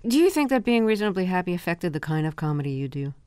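A woman interviewing a guest with measured, probing questions and dry humor. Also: on the low side, very animated, a little mellow, clear, resonant tone, no echo. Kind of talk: radio interview.

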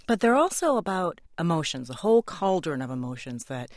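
A woman hosting a radio interview, introducing her guest and asking measured questions. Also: low voice, very animated, dry recording, studio quality. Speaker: radio host.

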